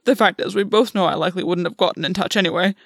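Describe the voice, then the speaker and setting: A woman's voice: fairly low pitch, rapid-fire, a bit bright, no echo, clean studio sound. A woman voicing an anxious, guilt-ridden young fae man who talks in a hesitant, pleading way. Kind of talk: audiobook reading.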